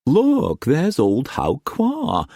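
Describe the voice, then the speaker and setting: Man playing a brash merchant, loud, hearty, raised voice, storybook figure. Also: a little high, huge pitch swings, drawn-out words, no room sound, clean studio sound, pitched above the performer's own voice, full character voice. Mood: amused.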